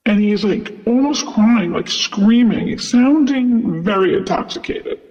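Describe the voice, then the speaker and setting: Speaking slowly in a high, slightly mellow voice, a man who works as a flight attendant chattily recounts a story full of "like" and "you know." The recording sounds dull and carries a long reverb.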